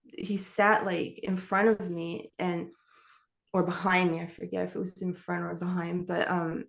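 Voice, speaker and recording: This middle-aged woman from New York has a low, gravelly voice. As a guest in an interview, she shares her life story frankly and in a meandering way, laughing often as she gives her testimony.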